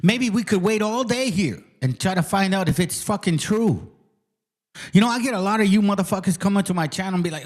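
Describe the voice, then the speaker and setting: A man delivers profane biblical commentary as a channel host. He is confrontational and swears constantly, hammering viewers with repeated challenges. His speaking voice sits a little on the high side. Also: fairly quick.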